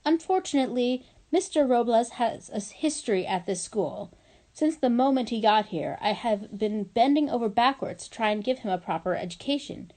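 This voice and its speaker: A woman reading aloud, voicing a stern middle-aged female school principal who scolds in slow, clipped, emphatic phrases. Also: fairly high pitch, animated, mellow, close to an everyday voice.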